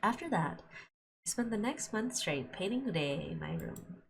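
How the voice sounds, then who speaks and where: A woman's voice: mid-range voice, big pitch swings, measured pace, creaky, slight background noise. A woman streaming a visual novel, reading the story aloud and reacting emotionally with lots of giggling. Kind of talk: let's play commentary and reading aloud.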